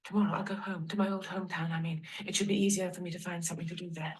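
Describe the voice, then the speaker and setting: An actress playing a young Victorian wife who speaks in a calm, firm, resolute way. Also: female voice, fairly low pitch, very fast, a little hiss or hum, close to an everyday voice, rough recording. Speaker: actress in a filmed play.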